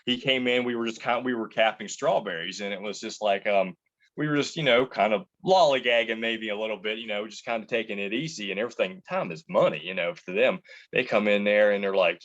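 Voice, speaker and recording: A man's voice: fairly low pitch, fast talker, fairly bright tone, lo-fi sound. A man in an interview who rambles, restarts his sentences and tells anecdotes about working as a chef. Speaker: chef and entrepreneur. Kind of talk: casual interview answers.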